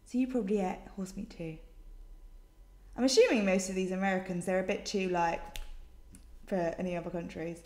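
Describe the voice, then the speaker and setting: A woman's voice: medium pitch, steady tone, brisk, pauses often, a little mellow, reverberant. A British woman vlogging casually as she answers questions in a chatty, exasperated, sarcastic way. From Britain.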